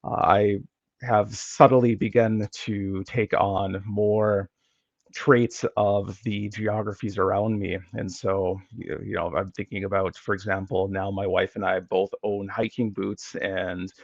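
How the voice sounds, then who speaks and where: A man with a Minnesotan accent, a guest geographer speaking in a thoughtful, measured way with many fillers. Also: on the low side, little pitch movement, gravelly, no echo, highs cut off. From Minnesota, USA. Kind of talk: conversational interview. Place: Victoria, Canada.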